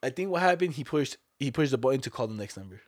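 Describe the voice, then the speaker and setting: A young man telling a story in casual chat, animated and swearing, acting out the voices of the people in it. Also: medium pitch, fast, no room sound, clean studio sound.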